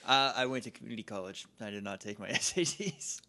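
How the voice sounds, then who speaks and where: A man's voice: fairly low pitch, expressive, fast talker, pushed and bright. Man trading dry quips with a laugh. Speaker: podcast co-host. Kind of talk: casual chat.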